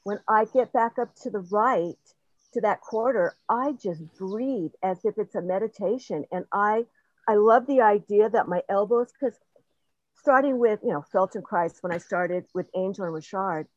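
An older group-session participant shares personal stories casually, rambling earnestly and often laughing at her own expense. Her mid-range voice is a little mellow at a normal pace, and the muffled, lo-fi audio is dry and close, free of room echo.

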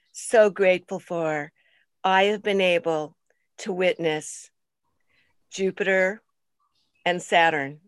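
A woman's voice: lowish voice, smooth, no echo. Enthusiastic woman rambling with dry, close sound. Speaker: circle participant. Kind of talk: casual sharing.

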